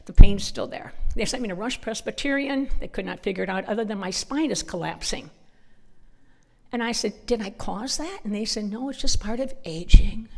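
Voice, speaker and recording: A woman's voice: medium pitch, moderate pace, gravelly. A middle-aged woman speaking at a church conference, telling humorous stories and acting out the voices in her dialogue. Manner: animated storyteller acting out dialogue. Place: church hall. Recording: long hall reverb.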